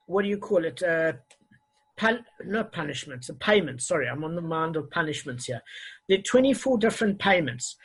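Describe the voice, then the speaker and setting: Husky-voiced man teaching a Talmud class. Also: sits high, rough recording. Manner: hesitant, self-correcting, many fillers. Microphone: video call.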